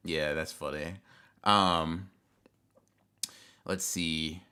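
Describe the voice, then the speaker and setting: A man's voice: rumbling low, fairly even intonation, extremely slow, bright, forceful tone, clean tone. A man co-hosting a stream in casual chat, rambling with many fillers and swear words. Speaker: stream co-host.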